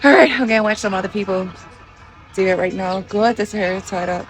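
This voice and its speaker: A woman's voice: mid-range voice, a little fast. A woman vlogging outdoors at a skydiving airfield into a handheld camera, rambling nervously and swearing a lot. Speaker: travel vlogger. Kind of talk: casual vlog to camera. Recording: loud music under the voice.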